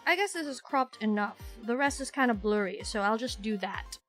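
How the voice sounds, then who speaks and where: A high, bright young woman talks fast in a rambling, animated stream chat, often cutting herself off mid-sentence. Her voice is a touch rough from a recent illness. Faint music plays underneath. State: recovering from illness, voice sounds rough. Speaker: VTuber streamer. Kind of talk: casual chat with viewers.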